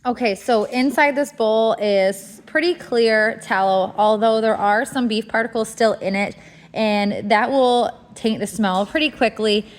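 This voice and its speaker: A woman explaining a kitchen task step by step in a relaxed, casual tutorial, with the odd filler. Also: a little high, measured pace. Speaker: homestead cooking instructor. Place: home kitchen.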